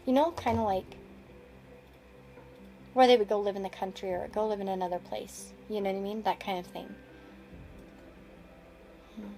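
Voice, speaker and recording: A woman's voice: medium pitch, steady tone, moderate pace, gravelly, long pauses, dark tone, soft background music, rough recording. A woman giving a casual tarot reading, rambling and restarting her sentences with frequent chuckles. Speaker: tarot card reader.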